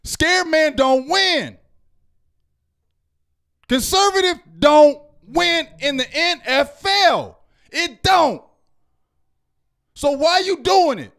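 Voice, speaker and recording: Fired-up high-voiced man ranting. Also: lively intonation, very slow, pauses often. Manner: loud, fired-up ranting with repeated "you feel me?". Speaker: fan show co-host. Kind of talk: heated postgame rant.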